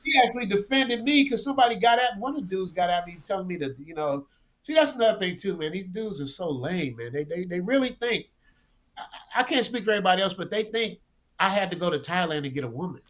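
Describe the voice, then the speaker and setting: A man talking as a guest in a casual interview, animated and slangy, often repeating words as he goes. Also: high voice, fast. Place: lives abroad, remote interview.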